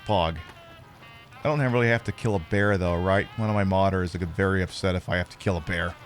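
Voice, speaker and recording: A man's voice: deep voice, fairly even intonation, fast talker, soft background music. An American man chatting casually while streaming a game, rambling and stammering through restarts. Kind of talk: casual chat while gaming.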